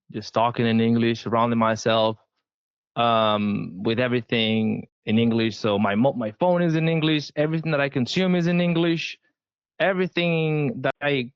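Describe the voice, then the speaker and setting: A man's voice: medium pitch, dry recording, highs cut off. A man with a Spanish accent, a guest giving advice in a casual interview, emphatic and often repeating words as he restarts. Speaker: sales guest.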